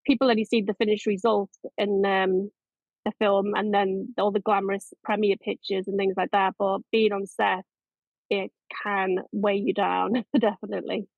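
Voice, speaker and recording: A woman's voice: mid-range voice, flat delivery, normal speed, gravelly, no echo. A middle-aged woman, a makeup and effects artist, chatting in an interview in a rambling way with many restarts. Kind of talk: casual interview chat. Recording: dry, tinny phone-like line.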